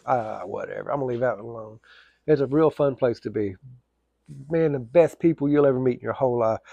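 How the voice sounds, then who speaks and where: A man's voice: medium pitch, dark tone, no room sound, dull audio. A man telling a casual, rambling story, full of fillers and restarts.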